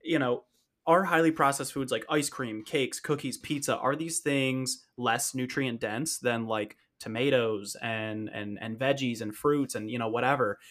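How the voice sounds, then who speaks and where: A man's voice: medium pitch, a bit bright. A young man co-hosting a fitness podcast in casual chat, getting heated and swearing as he argues. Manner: heated, swearing, fast when worked up.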